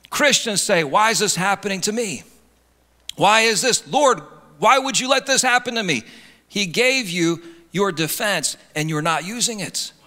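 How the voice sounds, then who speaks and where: A middle-aged man, a pastor preaching a lively sermon and acting out the complaints of his listeners. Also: high voice. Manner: animated preaching, voices imagined complaints. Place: church sanctuary. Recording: reverberant church sanctuary.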